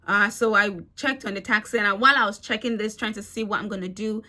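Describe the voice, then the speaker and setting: Bright-voiced woman telling a story. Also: medium pitch, fast, few pauses. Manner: animated, chatty, swears freely. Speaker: vlogger. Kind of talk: casual storytime.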